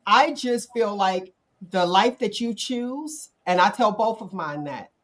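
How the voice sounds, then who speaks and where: A woman's voice: mid-range voice, animated, a little slow. Candid woman in casual panel chat. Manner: candid, conversational, direct. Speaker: panel talk show host.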